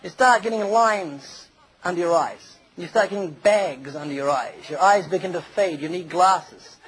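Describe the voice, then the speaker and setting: A preacher with a high voice tells jokes and little stories in his sermon and acts out other people's lines. Faint room ambience sits under his voice. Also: moderate pace, a bit bright, a little hiss or hum, low-quality recording. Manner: jokey, storytelling, acts out quoted voices. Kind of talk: humorous sermon.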